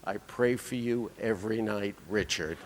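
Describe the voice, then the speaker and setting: A man putting on a hushed gentle priest. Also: lowish voice, a little slow, noisy background, voice pushed down, close to an everyday voice. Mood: hushed concern. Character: gentle soft-spoken male priest investor.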